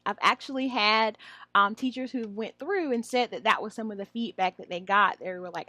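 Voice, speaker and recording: A woman explaining how to teach a lesson, slipping into a high, drawn-out teacher voice to model phrases. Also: pushed and bright, no echo, studio quality. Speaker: online English teacher trainer. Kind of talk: instructional walkthrough.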